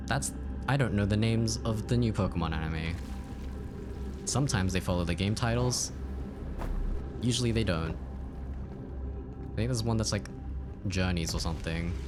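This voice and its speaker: A man casually chatting while streaming a game, rambling and joking as he reads chat aloud. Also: sits low.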